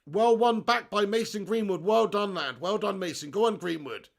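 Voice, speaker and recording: A man's voice: sits high, moderate pace, gravelly. A man hosting a live football watch-along, joking, swearing and reading chat aloud. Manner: jokey, swears, laughs often, reads chat aloud. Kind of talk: casual live match commentary and chat.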